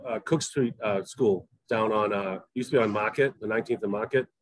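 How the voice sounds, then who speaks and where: A man's voice: fairly low pitch, a little fast, poor audio. A middle-aged man from Massachusetts with a faint Southern accent, a chef chatting casually in an interview, rambling with lots of fillers and restarts.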